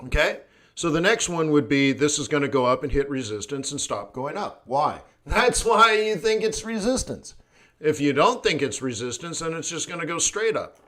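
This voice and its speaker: A man's voice: on the high side, sing-song, moderate pace, fairly bright tone. A tired man teaching forex trading live, blunt and sardonic as he thinks aloud over his charts. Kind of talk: live-streamed trading lesson.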